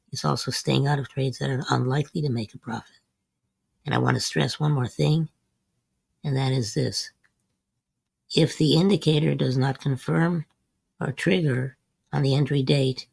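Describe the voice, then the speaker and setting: Man, host, trading lesson, heavy vocal fry, dry close sound, methodical. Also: medium pitch, a little mellow, no room sound. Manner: methodical, repeats short refrains. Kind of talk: scripted market lesson over a chart screen.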